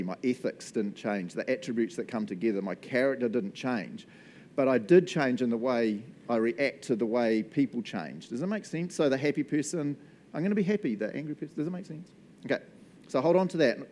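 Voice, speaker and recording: A man's voice: mid-range voice, a little mellow, slight background noise. A young adult man with a New Zealand accent, preaching a casual, playful sermon as pastor and acting out customers in silly voices.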